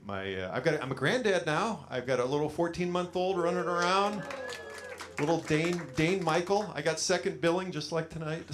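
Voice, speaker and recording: Middle-aged comic from California, slightly high-pitched, meandering self-mocking delivery on a handheld mic, faint noise behind. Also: male voice. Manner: rambling self-deprecating storytelling with many fillers. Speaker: stand-up comedian. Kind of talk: stand-up comedy set. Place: small studio stage with a live audience.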